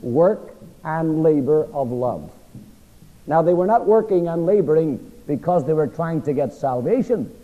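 A middle-aged man preaching in a Bible class, with a frog in his throat, pausing for the congregation to finish his sentences. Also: high voice. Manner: asks the audience to fill in words. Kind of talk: sermon-style Bible teaching. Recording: lo-fi recording with long hall reverb.

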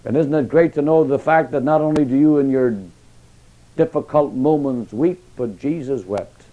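A man preaching a sermon, passionate, with emphatic rises and hushed, quiet drops. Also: medium pitch, normal speed, lo-fi sound.

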